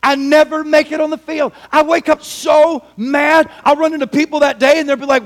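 A man in his forties delivers a sermon in a strikingly high voice. He talks animatedly, and his voice rises to a shout at the peaks of his personal stories. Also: level tone, fairly quick, hardly any pauses. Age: 40s. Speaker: pastor.

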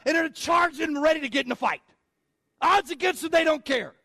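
High-voiced excitable man preaching. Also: fast, no room sound. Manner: energetic, excitable preaching that swells into shouts. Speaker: pastor. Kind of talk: sermon.

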